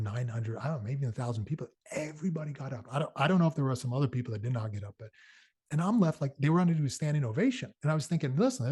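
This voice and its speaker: A man's voice: mid-range voice, a little mellow, husky. A middle-aged man hosting a show, talking casually and telling stories with many fillers and restarts. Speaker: podcast host. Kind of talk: casual solo talk.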